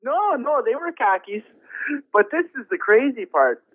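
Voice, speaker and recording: A man's voice: very high voice, big pitch swings, breathy edge, no echo, heavily acted. A man playing an older rock roadie who tells rambling, folksy stories with frequent chuckles in a comedy phone interview. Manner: drawn-out anticlimactic storytelling. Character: rambling old male rock roadie, folksy and easily amused. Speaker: phone-in guest. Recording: tinny dry phone line.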